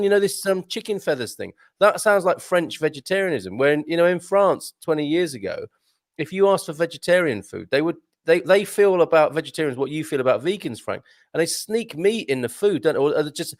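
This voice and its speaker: A man bantering in casual chat, telling a jokey anecdote in a lively way. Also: a little high, fairly quick, no room sound. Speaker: regular of an expat chat show.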